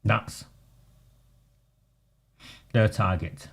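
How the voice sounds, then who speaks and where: Blunt campaigner. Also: male voice, fairly low pitch, extremely slow, slightly rough. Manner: blunt, combative, chatty. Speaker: local campaigner. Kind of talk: casual campaign video.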